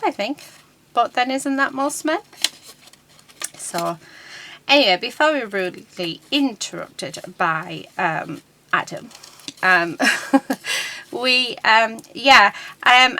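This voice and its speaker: A middle-aged woman hosts a crafting channel, chatting casually as she works at her desk at home. Her medium-pitched voice has a sharp tone, and she rambles with lots of ums; the low-quality recording has slight background noise.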